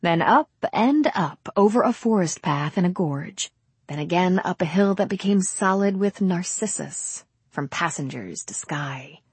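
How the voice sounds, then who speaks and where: A woman reading a novel aloud as a narrator, in a measured, unhurried way. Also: fairly low pitch, lively intonation, husky, dry recording. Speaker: audiobook narrator. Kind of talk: scripted narration.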